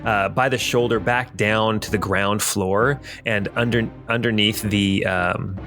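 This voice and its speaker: A man's voice: on the low side, steady tone, a little slow, sharp tone. A man narrating as game master of a tabletop game, loose and hesitant with fillers.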